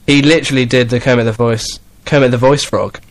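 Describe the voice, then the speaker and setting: A man's voice: medium pitch, steady tone, brisk, a little hiss or hum. Young male student host, chatty. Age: young adult. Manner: laughs often, chatty. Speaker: drama student. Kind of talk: casual chat. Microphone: studio microphones.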